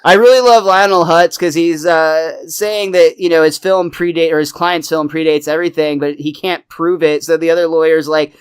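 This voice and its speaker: A man's voice: a little high, steady tone, normal speed, few pauses, smooth. A man hosting a podcast, recapping a cartoon episode in casual chat and laughing often. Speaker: podcast host.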